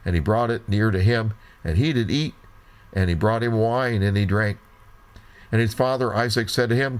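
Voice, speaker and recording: A man teaching a Bible lesson, reading old scripture slowly and deliberately, breaking off for brief remarks of his own. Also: fairly low pitch.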